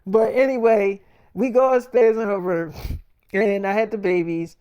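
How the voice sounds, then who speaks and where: A man's voice: high voice, steady tone, moderate pace, clean tone, muffled recording. A young man casually narrating an improvised story in slangy, profane, boastful speech.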